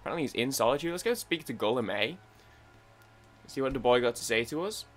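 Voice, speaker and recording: A man's voice: medium pitch, lively intonation, a little fast, a bit bright, faint music behind. A young man rambling and chatting with himself as he plays a video game and comments on it. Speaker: gaming channel host. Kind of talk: gameplay commentary.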